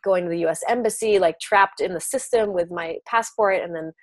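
Woman, 30s, podcast guest; lowish voice, chatty, acts out inner voices; dry close sound. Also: fairly quick, dry recording. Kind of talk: casual spiritual conversation.

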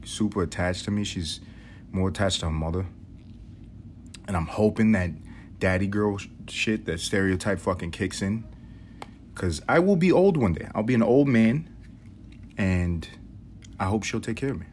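A young man from New York City telling rambling, profane stories on his solo podcast. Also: a little hiss or hum. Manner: rambling, profane, muses aloud; mimics his grandmother in a high voice. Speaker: podcast host. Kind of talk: casual solo storytelling.

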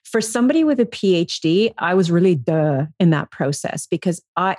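A woman's voice: lowish voice, normal speed, dry recording, clean studio sound. A woman guest telling her story frankly in an interview, swearing freely and acting out her own past thoughts. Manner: frank, profane, animated when quoting herself. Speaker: podcast guest.

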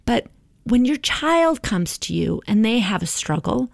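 A woman's voice: fairly high pitch, sing-song, unhurried, gravelly, dry recording, clean studio sound. A middle-aged woman hosting a podcast, talking in an encouraging, motivational way and often checking in with "right?". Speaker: podcast host.

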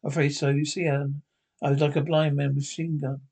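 A shy, withdrawn scientist from a 1950s TV drama who speaks calmly and with regret about the android he built. His voice sits a little high and stays fairly flat and even. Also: fast talker, vocal fry. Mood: explaining. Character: lonely shy male scientist, creator of an android.

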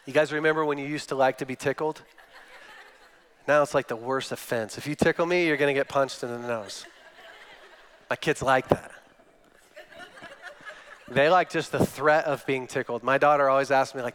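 A man's voice: medium pitch, steady tone, normal speed, long pauses, a bit bright, smooth. A man in his thirties, a guest speaker giving a sermon, telling stories and acting out quotes. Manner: storytelling with acted-out quotes. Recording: long hall reverb.

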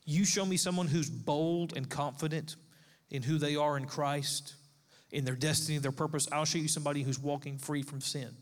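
A man delivers a sermon, building his points through emphatic repetition. His voice sits slightly high for a man. The sound rings out with a long reverb from a large church hall. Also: fairly even intonation, moderate pace. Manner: emphatic preaching with repeated phrases. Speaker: pastor.

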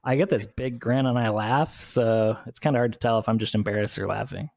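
A man's voice: on the low side, fairly quick, vocal fry, a little mellow, no room sound. A man guest on a podcast, explaining in casual chat with many fillers.

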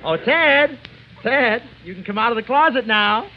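A wisecracking high-voiced joker. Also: male voice, expressive. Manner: quick quips, fast comic banter. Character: wisecracking young man posing as a groom. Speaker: comic lead in a radio comedy. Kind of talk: 1940s radio comedy acting. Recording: old radio broadcast, dull with hiss.

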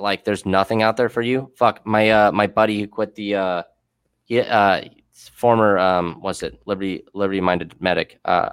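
Low-voiced man ranting with passion. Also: clear, resonant tone, no room sound. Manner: fast, profane, impassioned storytelling. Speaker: podcast guest, former Army MP officer. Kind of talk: casual conversation.

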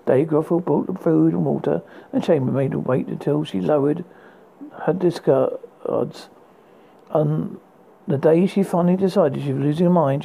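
A man reads a fairy tale aloud in a heavily gravelly, creaky voice. His tone is dark and husky, and he often trips over words and starts again. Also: fairly high pitch, poor audio. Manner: unpolished reading with frequent stumbles and restarts. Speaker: narrator. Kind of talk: storybook reading.

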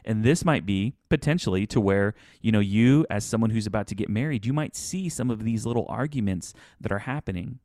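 A man co-hosting a casual podcast conversation, talking in a relaxed way that often restarts and repeats words. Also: on the low side, fairly quick, hardly any pauses, no room sound, clean studio sound. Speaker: podcast co-host.

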